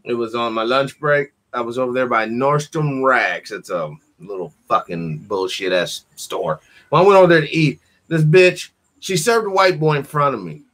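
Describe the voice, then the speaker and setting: A man hosting a call-in talk show, chatting casually and acting out quotes in animated, profane stories. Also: medium pitch, moderate pace. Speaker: podcast host. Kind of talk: casual chat.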